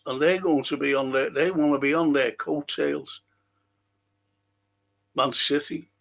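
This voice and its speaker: A man's voice: on the high side, fairly even intonation, a little slow, vocal fry, a bit bright. A middle-aged man hosting a casual live stream, reading out viewer comments, answering them and swearing now and then.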